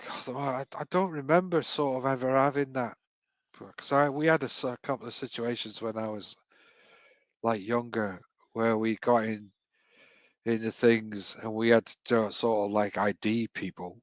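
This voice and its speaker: A man's voice: medium pitch, steady tone, normal speed, dry recording. A man chatting casually on a livestream, reacting with short remarks and telling a hesitant story of his own. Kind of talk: casual chat.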